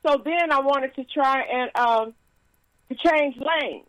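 A woman's voice: high-pitched, slow, dry recording, poor audio. Laughing woman minister, dry sound. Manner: lively, laughing, frequent praise interjections. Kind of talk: casual sermon with testimony and announcements.

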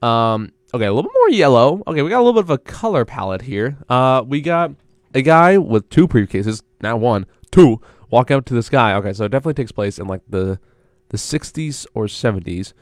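A man's voice: mid-range voice, very animated, brisk, no echo. A young man hosting a college radio show, chatting alone in a rambling, self-interrupting way into a studio mic. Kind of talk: casual solo radio chat.

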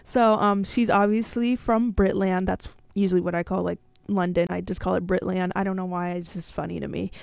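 A woman's voice: on the low side, fairly even intonation, brisk, gravelly, hardly any pauses, darkish tone, no echo. Young woman, radio host, casual bubbly chat, filler-heavy, dry close studio sound. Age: young adult. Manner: bubbly, rambling, lots of fillers.

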